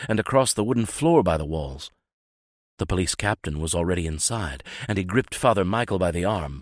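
A man narrating a nonfiction story in a measured, grave manner. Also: deep voice, no echo, clean studio sound. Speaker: author and narrator. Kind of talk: scripted narration.

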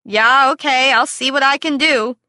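A woman playing a laid-back farm boy from a children's storybook, offhand and teasing. the voice stays high and bright. it moves slowly and sits close and dry. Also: dry recording.

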